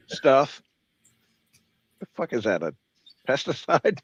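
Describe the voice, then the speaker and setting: A man's voice: mid-range voice, lively intonation, moderate pace, no room sound, dull audio. A man co-hosting a livestream in casual chat, sarcastic and jokey, swearing freely. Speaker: co-host on a livestream.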